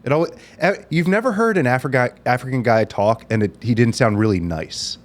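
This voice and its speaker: A man's voice: medium pitch, expressive, a little fast. A man musing playfully and laughing in a casual comedy podcast chat.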